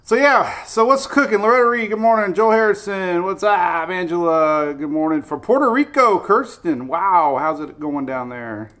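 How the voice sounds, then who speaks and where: A man's voice: fairly high pitch, fairly bright tone. A middle-aged man hosting a live weather stream, chatty and upbeat, greeting viewers by name. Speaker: weather show host.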